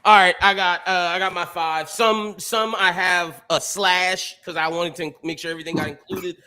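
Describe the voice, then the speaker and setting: A young man in a casual podcast chat, his voice pitched very high and strikingly bright. He rants with animated frustration and swears freely. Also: normal speed, smooth. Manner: animated ranting, heavy swearing. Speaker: podcast co-host.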